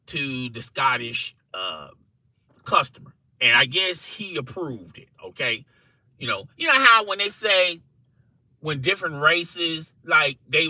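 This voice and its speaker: A man telling a funny workplace story to camera in an animated, conversational way, often checking in with "okay?" and "you know". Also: a little high, no echo, poor audio. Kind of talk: casual story told to camera.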